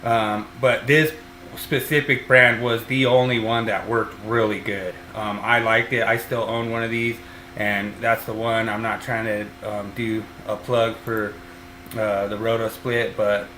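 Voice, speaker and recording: A man's voice: fairly low pitch, level tone, a little slow, bright, forceful tone, slight background noise. A man hosting a podcast as an electrician, talking casually and rambling with lots of fillers and restarts. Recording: roomy echo.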